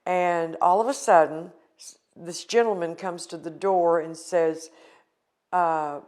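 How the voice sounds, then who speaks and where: A woman's voice: lowish voice, steady tone, takes it slowly, darkish tone. An older woman from the United States recounting a painful personal experience in an earnest, emotional interview.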